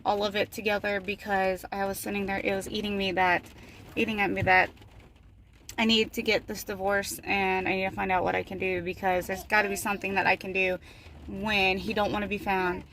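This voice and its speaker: A woman's voice: mid-range voice, little pitch movement, a little fast, a bit bright, slight background noise. A woman vlogging as a mother, talking casually and venting in a rambling way with lots of "like.". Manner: rambling, venting, heavy use of "like". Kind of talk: casual confessional vlog talk.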